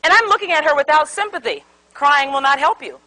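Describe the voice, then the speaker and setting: In a seminar room with a live audience, a woman speaking on conflict resolution delivers an interactive talk a little fast, her voice high and very expressive. She's an animated storyteller who acts out quotes and works the room with questions, captured on a low-quality recording.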